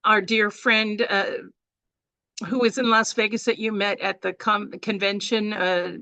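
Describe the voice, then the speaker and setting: A chatty woman leads a workshop over a video call, rambling a little as she talks. Her voice is bright and forward, recorded dry with no room sound. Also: mid-range voice, flat delivery, measured pace, vocal fry, dry recording. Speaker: workshop presenter.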